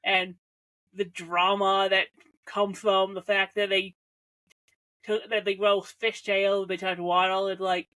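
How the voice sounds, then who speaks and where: A woman's voice: mid-range voice, little pitch movement, takes it slowly, a bit bright. A young woman reviewing an old teen show, chatty and rambling, restarting sentences and cracking jokes. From Canada. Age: young adult. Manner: chatty, self-interrupting, heavy on "like", jokey asides.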